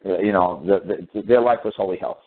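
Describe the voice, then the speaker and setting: Deep-voiced man on a tinny phone line. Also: fairly quick. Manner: blunt storytelling with frequent repetition and restarts. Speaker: radio show host. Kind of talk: casual call-in radio talk.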